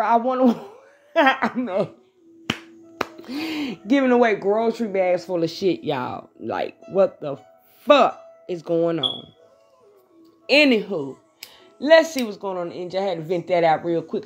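A woman venting to her viewers in a casual, blunt, profane way, then drifting into a tarot reading. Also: mid-range voice. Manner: animated, blunt and profane, talks straight to her audience. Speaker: vlogger doing a live tarot reading.

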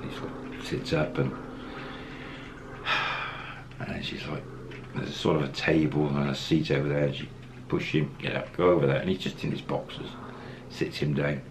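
A man's voice: very deep voice, level tone, a little fast, gravelly, hardly any pauses, noisy background. A man casually telling a travel story, acting out the quoted lines as he goes. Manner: anecdotal, acts out quoted lines, chuckles.

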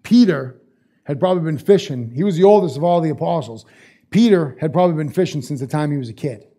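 A man's voice: fairly high pitch, expressive, fast, warm tone. Casual, chatty male pastor. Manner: casual, conversational, repeats phrases for emphasis. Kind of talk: sermon.

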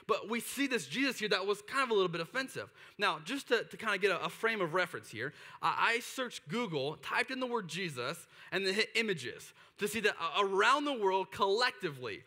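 A man preaching a sermon to a church service, energetic and sarcastic, firing off rhetorical questions. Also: high-pitched, brisk, in a large hall. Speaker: pastor. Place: large church auditorium.

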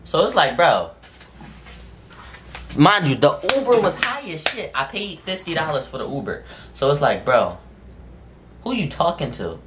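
A man casually telling a story on his vlog in slangy, profane speech, full of fillers and drawn-out phrases. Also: on the high side, sing-song, a bit bright, slight background noise. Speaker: storytime vlogger. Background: music in the background.

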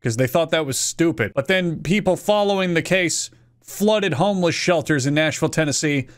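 A young man with a high voice delivers comedic commentary. He rants and swears freely, his sarcasm sharp and loud. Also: expressive, normal speed. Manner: ranting, profane, sarcastic. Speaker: YouTube host.

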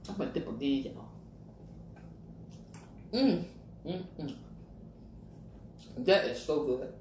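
A woman chats slowly to her viewers over breakfast, humming between bites and talking with her mouth full. Her lowish voice swings up and down a great deal. The room sounds echoey, with faint background noise. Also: animated, a little mellow. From Virginia, USA. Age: 50s. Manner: chatty, talks with her mouth full, hums over her food. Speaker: mukbang vlogger. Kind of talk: casual chat while eating.

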